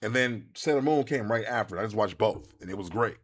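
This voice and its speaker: Man, thirties, low voice, casual stream chat, rambling, animated. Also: brisk, husky. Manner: rambling, animated, chats to viewers, many restarts. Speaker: gaming streamer. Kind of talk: casual live-stream chat while playing.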